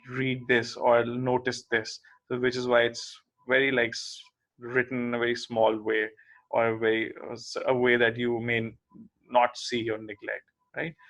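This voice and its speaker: A man's voice: medium pitch, fairly bright tone, poor audio. A man lecturing on logic in a plain explanatory way, often checking in with the listener. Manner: explanatory, checks in with "okay?" and "right?".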